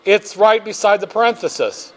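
A man with a high-pitched voice gives a classroom finance lesson at an unhurried pace. He guides students through each step patiently and drops in wry jokes along the way. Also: a little hiss or hum. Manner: slow, joking, step-by-step. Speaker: finance instructor. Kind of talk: classroom lecture.

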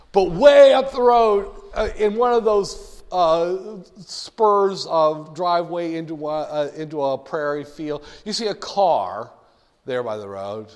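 A man gives a classroom lecture full of jokes and acted-out scenes. His voice sits fairly high. It rings with the long reverb of a lecture hall. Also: animated, slow, a little mellow. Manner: jokey storytelling, acts out voices.

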